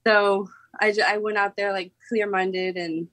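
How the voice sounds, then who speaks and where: A woman's voice: mid-range voice, level tone, unhurried, fairly bright tone, no room sound. Giggly young woman, filler-heavy chatter. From Oklahoma. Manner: bubbly, giggly, lots of "like" fillers. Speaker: former contestant, guest. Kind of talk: casual interview chat.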